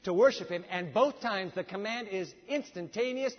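Male preacher, fairly high voice, big swings from hushed to booming, reverberant hall, dull sound. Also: moderate pace. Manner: dramatic swings between booming and hushed delivery; asks the audience rhetorical questions. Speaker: pastor. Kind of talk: sermon.

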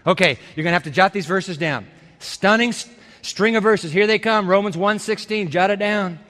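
A man preaching a sermon emphatically, repeating key phrases and swinging from quiet to loud. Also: high voice, moderate pace. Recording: hall reverb.

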